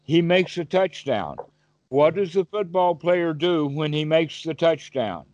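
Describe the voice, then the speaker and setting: A man's voice: on the high side, expressive, a little slow, darkish tone, no echo. Man teaching meditation over a dull call. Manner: asks the listener questions, vivid everyday examples. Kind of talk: Dhamma talk on a call.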